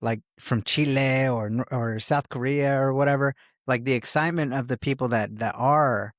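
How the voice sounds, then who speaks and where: Man, mid pitch, casual podcast guest, animated talker who restarts a lot; dry close sound. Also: normal speed, dry recording. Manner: animated, filler-heavy, frequent restarts.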